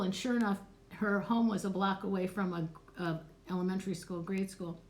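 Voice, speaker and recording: A woman's voice: mid-range voice, normal speed. A middle-aged woman psychic answering questions in a live stream, chatty and candid, swearing casually and laughing often. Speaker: psychic and clarity coach.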